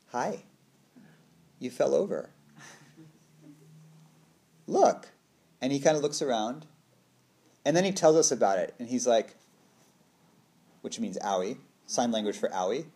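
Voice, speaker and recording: A man talking as a trauma therapist in a relaxed, conversational way, often checking in with the listener and playfully acting out little quoted voices. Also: medium pitch. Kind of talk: casual explanatory talk.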